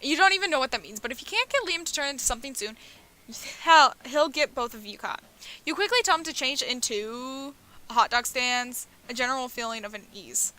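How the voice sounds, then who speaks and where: A young woman with a high, bright voice reads a dating game aloud on stream. She slips from the game's text into joking asides, laughs and swears as she goes. Her tone stays playful and loose throughout. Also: a little fast.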